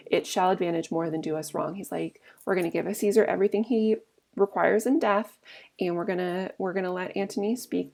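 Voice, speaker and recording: A woman's voice: fairly low pitch, gravelly, darkish tone. A woman teaching a play, reading each line aloud and then paraphrasing it in plain everyday talk. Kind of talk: casual read-aloud lesson with paraphrase.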